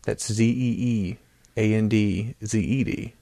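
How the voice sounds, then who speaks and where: A man's voice: lowish voice, steady tone, a little slow, vocal fry, warm tone, dry recording. A man co-hosting a casual podcast, easygoing and joking as he reads out listener messages. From United States. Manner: easygoing, joking, stumbles over place names. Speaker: podcast co-host.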